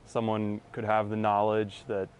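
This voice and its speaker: Rich: a man speaking casually and thoughtfully, pausing now and then. His voice sits fairly low, with faint noise behind. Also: monotone.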